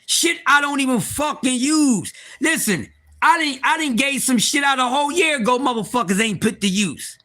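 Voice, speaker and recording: A man hosting a casual livestream, excitable and profane, talking straight to his viewers and often repeating and restarting. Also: very high-pitched, normal speed. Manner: excitable, profane, talks to chat. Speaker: livestream host.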